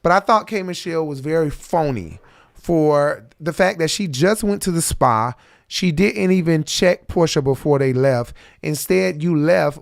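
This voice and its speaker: A man hosting a reaction commentary, ranting bluntly and heatedly with plenty of profanity. His voice sits a little high for a man and sounds close and dry, with no room around it. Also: vocal fry, no room sound. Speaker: host.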